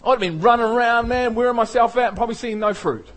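A man preaching a sermon as pastor, animated, acting out the voices of the people he quotes. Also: extremely high pitch, quick pace.

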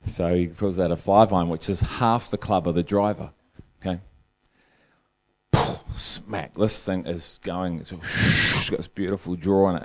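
Low-voiced man preaching with jokes. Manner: joking storyteller, chuckles through his own jokes. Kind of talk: humorous sermon.

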